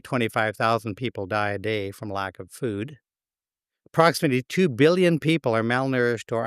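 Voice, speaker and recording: Man, pastor's sermon, wry humor, smooth resonant voice, dry close sound. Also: medium pitch, fairly bright tone, dry recording.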